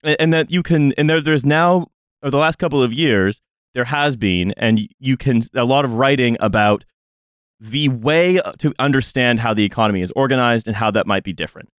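A man hosting a podcast, explaining political ideas casually with many pauses and restarts. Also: medium pitch, clean tone, no echo, studio quality. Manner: hesitant, full of restarts and fillers while explaining. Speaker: podcast host.

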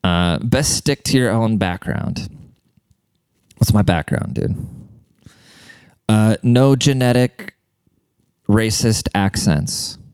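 A man's voice: fairly low pitch, slow, long pauses, a little mellow, clean tone, dry recording. A man ranting in a casual monologue, blunt, profane and mocking.

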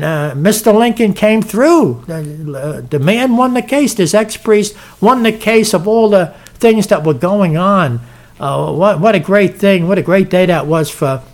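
A male preacher with a notably high-pitched voice delivers an impassioned sermon. He calls out to his listeners directly and stumbles into quick repeated restarts as he drives each point home. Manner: fervent, stumbling restarts, direct address to "folks". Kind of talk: emphatic preaching with read-aloud passages.

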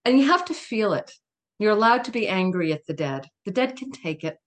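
Middle-aged woman, interview guest, casual storytelling, emphatic, candid, laughing asides, mid-pitched voice. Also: expressive, a little fast.

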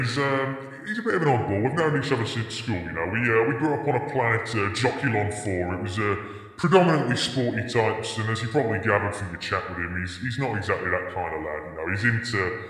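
A man voicing a gruff, matey male space mechanic with spanners for hands, in an improvised comedy audio drama. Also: lowish voice, fairly bright tone. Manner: brash, matey, rough-spoken. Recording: echoey reverberant room.

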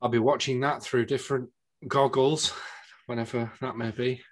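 A man's voice: medium pitch, flat delivery, moderate pace. A man from England co-hosting a casual film review chat, dry and joking with British slang. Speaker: podcast co-host.

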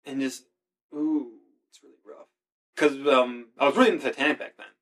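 A man talking in a loose, casual chat, his voice sitting at an ordinary middle pitch. He is laid-back, drops swear words freely and leans on fillers like "you know" and "like". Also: moderate pace, a bit bright.

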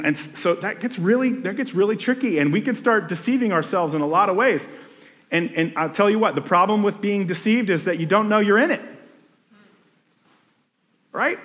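A man's voice: high voice, animated, normal speed, a bit bright, in a large hall. A man preaching a sermon in a casual, conversational way, often restarting his sentences and acting out people's inner voices. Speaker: pastor.

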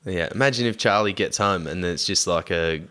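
A man's voice: sits low, fairly quick, fairly bright tone. An Australian man, a young adult, swearing freely and telling stories animatedly in casual chat.

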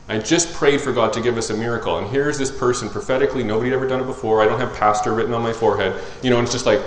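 A man preaching a sermon as a pastor, animated and conversational, acting out the voices of the people he quotes. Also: fast talker, reverberant, a little hiss or hum, low-quality recording. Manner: animated, acts out quoted voices in a higher pitch.

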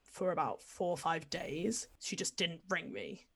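A young woman telling a personal story in casual chat, candid and lively with lots of fillers. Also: lowish voice, measured pace, creaky, slightly rough.

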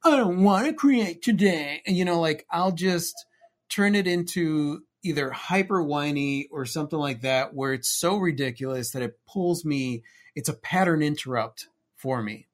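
A man co-hosting a live art stream in casual chat. He is jokey and animated and breaks into exaggerated silly voices. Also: a little high, moderate pace.

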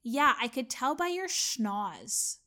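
A Canadian woman chatting with a friend, telling a story in an animated way and acting out what people said. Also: sits high, takes it slowly, crowd noise. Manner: animated storyteller, acts out quotes. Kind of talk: casual chat.

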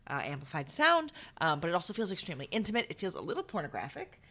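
A woman's voice: lowish voice, wildly swooping pitch, fast talker, bright, forceful tone. A young woman co-hosting a podcast, chatting casually about a stage show with lots of hedging fillers. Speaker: podcast co-host. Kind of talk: casual theater review chat.

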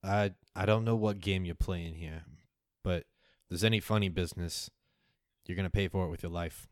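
A suspicious tavern keeper, put on by a man running a tabletop game, curt and menacing. His voice sits low and comes across smooth and clear. There is no room sound at all on it. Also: fairly even intonation, normal speed, no room sound, studio quality, close to an everyday voice. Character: suspicious gruff male barkeeper, threatening.

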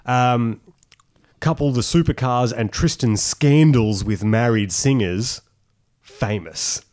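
A man's voice: medium pitch, slow pace, darkish tone. A man co-hosting a casual chat, reading out a thread and mocking it sarcastically. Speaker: podcast co-host.

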